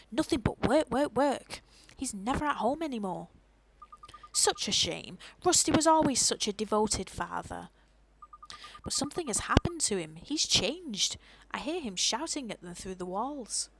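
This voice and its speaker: A woman's voice: fairly high pitch, slight background noise, rough recording. A woman voicing a kindly, gossiping old woman neighbor in a video game, fussing and sympathetic.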